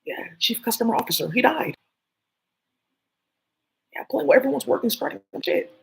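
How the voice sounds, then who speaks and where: Gravelly, husky rambling vlogger. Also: sits high, sing-song, normal speed, rough recording. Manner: rambling and conspiratorial, with many fillers. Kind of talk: casual rambling monologue.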